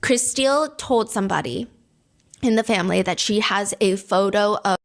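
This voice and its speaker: A woman hosting a true crime podcast, calmly explaining a case and walking through theories. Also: medium pitch, moderate pace, vocal fry.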